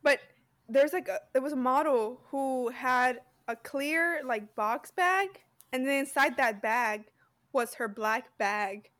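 A woman's voice: sits high, slow pace, a bit bright. A young woman co-hosting a podcast, rambling in casual chat and laughing often. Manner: rambling, laughs a lot, says "dude". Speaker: podcast co-host.

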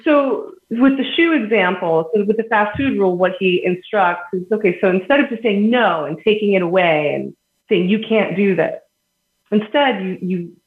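A woman's voice: medium pitch, moderate pace. A woman guest in a podcast interview, explaining earnestly with everyday examples and laughing between points. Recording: echoey phone-quality line.

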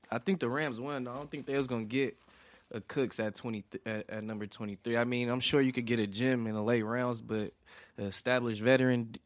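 Soft-spoken slangy man on a podcast. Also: medium pitch, dry recording. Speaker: podcast co-host. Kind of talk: casual sports chat.

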